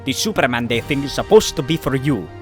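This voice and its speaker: A man voicing a stern, gruff older Soviet dictator in a put-on Russian accent, speaking in a cold, commanding way. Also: mid-range voice, expressive, fast talker, music in the background, voice pushed down, natural voice.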